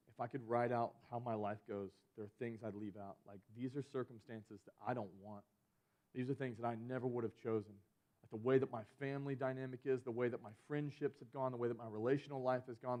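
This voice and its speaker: A young man gives a youth sermon as a student pastor. He talks in a loose, conversational way, dropping "like" often and animating his retelling of a personal story. His voice sits at an ordinary middle pitch. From Georgia.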